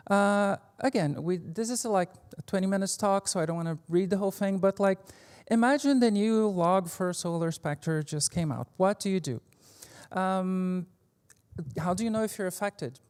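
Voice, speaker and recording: A woman with a fairly low, smooth voice gives a casual technical presentation from a conference stage, informal and wry, joking, using frequent "um" and "like" fillers and occasional mild curses. The large hall gives her voice a long reverb tail.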